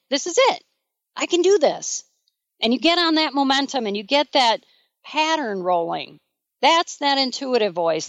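A woman's voice: on the high side, no room sound. An earnest woman hosts a motivational radio show, speaking straight to the listener with encouragement. Her voice sits in a dry, close room. The sound is a little dull and muffled. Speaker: radio show host and life coach.

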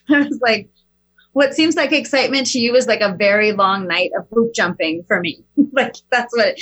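A middle-aged woman with a bright, high voice tells a personal story in a casual, animated way. Her pitch leaps up and down as she gets into it. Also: a little fast, husky, highs cut off. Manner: animated, with big jumps in pitch. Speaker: guest.

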